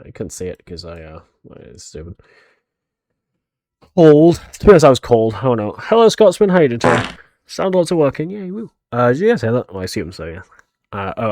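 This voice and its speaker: A man on a live stream talks in a rambling, chatty way, his lowish voice bouncing up and down as he greets his viewers. The sound is dry and close, with no room around it. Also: a little mellow, no room sound. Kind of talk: casual live-stream chat.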